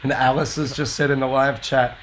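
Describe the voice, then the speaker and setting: A man's voice: medium pitch, flat delivery, a little fast, fairly bright tone, a little hiss or hum. A man hosting a casual live-stream podcast, joking and swearing freely. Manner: joking, profane, laughs often. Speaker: podcast host.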